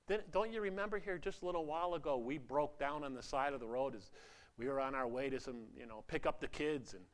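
A man voicing a wife who quietly reproaches her husband. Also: mid-range voice, fast, natural voice. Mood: reproachful.

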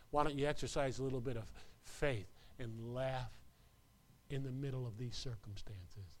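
A pastor delivering a playful, animated sermon, full of laughter and put-on voices. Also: male voice, mid-range voice, moderate pace.

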